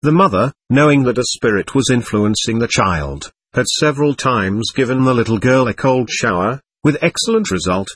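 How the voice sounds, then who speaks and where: A man narrating an audiobook in a measured, reportorial way. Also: medium pitch, expressive, fairly bright tone, breathy edge, dry recording. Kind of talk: scripted narration.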